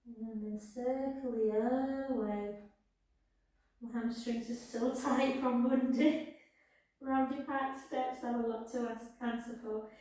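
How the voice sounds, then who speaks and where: A woman's voice: fairly high pitch, steady tone. Soothing woman pilates instructor, echoey room. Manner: soft, slow, soothing cues with sighs of "oh, gorgeous". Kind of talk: guiding a pilates class. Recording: echoey room, far from the mic.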